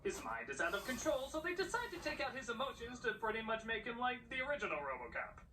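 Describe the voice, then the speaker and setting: Male comic film critic, sarcastic rants, lively swooping pitch, heard from a distance with faint noise. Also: quick pace. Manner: sarcastic, exasperated ranting. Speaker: movie critic. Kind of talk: comedic film review. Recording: played back from far, faint noise.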